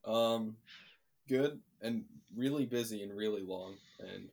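A man's voice: on the low side, takes it slowly, gravelly, a little mellow. A young man co-hosting a podcast, easygoing and a bit tired in casual chat. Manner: laid-back, a bit tired. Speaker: podcast co-host.

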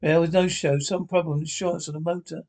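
A man's voice: fairly high pitch, little pitch movement, fast, a little mellow, close to an everyday voice. An actor playing a lonely Scottish man in his seventies, rambling wistfully about a son who let him down, in a sitcom. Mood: rueful. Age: 70s. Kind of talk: sitcom acting.

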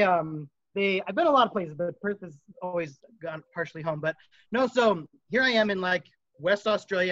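A man's voice: high voice, fairly bright tone, no room sound, muffled recording. A man from the United States, a musician guest, rambling through stories in a casual interview and laughing often.

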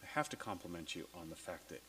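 A man with a low voice hosting a casual podcast, blunt and swearing freely. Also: lively intonation, fast, bright, forceful tone, husky, low-quality recording. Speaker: podcast host.

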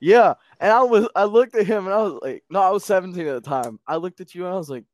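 A man's voice: high-pitched, quick pace, dry recording. A young man, a podcast co-host, chatting casually and laughing through stories about growing up with a friend. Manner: laughing storyteller, quotes friends in animated bursts. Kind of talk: casual chat.

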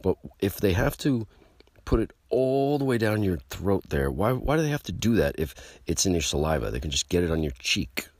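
A man's voice: deep voice, sing-song, brisk, no room sound. A man ranting casually to the camera in a rambling, profane, emphatic way.

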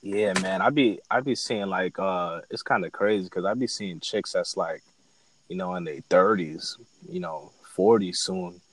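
A man's voice: deep voice, measured pace, slight background noise. A man of Haitian background chatting casually as a podcast co-host, telling stories animatedly. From Haitian family. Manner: animated storyteller, mimics people in a raised voice. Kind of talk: casual chat. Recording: dry close sound.

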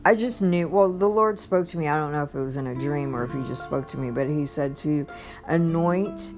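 A woman's voice: deep voice, fairly quick, over music. A woman telling her personal testimony in a casual, rambling way, with many restarts and bursts of laughter. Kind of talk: casual storytelling.

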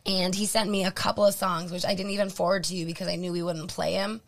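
Hoarse woman radio co-host, gravelly. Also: fairly low pitch, level tone, fast. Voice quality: gravelly, throat-clearing. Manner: blunt, joking, lots of ums. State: losing her voice, hoarse. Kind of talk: casual radio chat.

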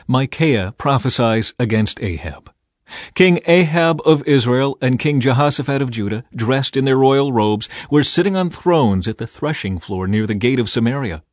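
A man's voice: mid-range voice, dry recording. Man reading scripture, dry and close. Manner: steady, measured reading. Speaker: scripture reader.

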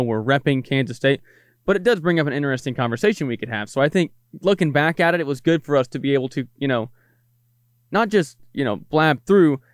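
A man who works as a radio color analyst, talking through a broadcast in brisk, self-deprecating casual chat with many "you know"s. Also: medium pitch, clean tone, no echo, studio quality.

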